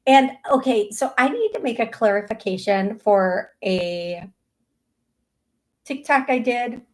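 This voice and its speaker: Middle-aged woman medium hosting a live show; slow, easygoing delivery, chatty with many restarts. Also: on the high side, poor audio. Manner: chatty, laughs easily, many restarts and fillers. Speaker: psychic medium show host. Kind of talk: live call-in show talk.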